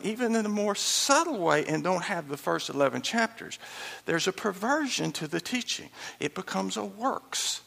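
A man's voice: high-pitched, gravelly, pushed and bright, long reverb tail. A man preaching an expository sermon, emphatic and pleading, with chuckles and asides to the congregation. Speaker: pastor.

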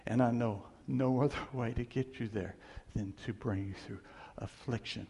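A man's voice: mid-range voice, steady tone, moderate pace, gravelly, hardly any pauses, warm tone, breathy edge, in a large hall. A man preaching a sermon in an earnest, conversational way, often repeating phrases for emphasis.

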